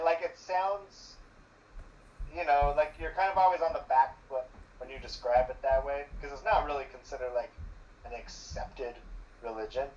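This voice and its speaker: Rambling guest on a distant, dull mic. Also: male voice, on the high side, darkish tone, a little hiss or hum. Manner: enthusiastic, rambling, heavy with filler words. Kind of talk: casual chat.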